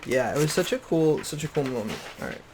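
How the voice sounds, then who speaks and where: Young man, gravelly voice, blunt profane rambling recap, faint hiss behind. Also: fairly high pitch, animated, a little fast, darkish tone. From Boston area. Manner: profane, blunt, repeats himself. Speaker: YouTube recap host. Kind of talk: casual rant-style show recap. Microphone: desktop USB microphone.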